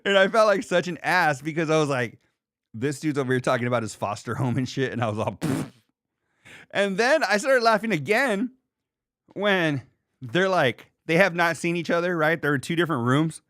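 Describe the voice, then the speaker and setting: A man in his thirties hosting a podcast in casual chat, animated and profane, reading comments from a live chat. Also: fairly high pitch, brisk, no echo, clean studio sound. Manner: animated, profane, laughs and mimics people. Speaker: podcast host.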